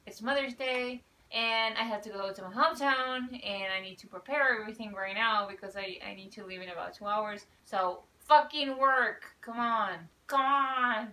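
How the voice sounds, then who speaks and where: A woman giving excitable, swearing reaction commentary, ranting in exasperation. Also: a little high, recorded from a distance. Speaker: reaction video creator. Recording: roomy sound from off the mic, faint ambience.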